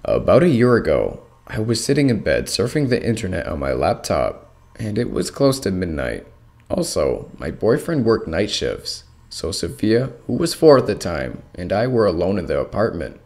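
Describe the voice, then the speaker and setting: A man reading a first-person horror story aloud with expressive narration. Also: low-pitched, moderate pace.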